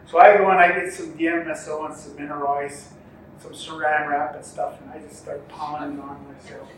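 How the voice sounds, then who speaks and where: A man's voice: fairly high pitch, little pitch movement, fairly bright tone, slight background noise. A man who races horses in relays, telling a story in an interview with many ums and restarts, acting out what others said. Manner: halting, many ums and restarts, acts out quoted talk. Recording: echoey room, mic far off, faint ambience.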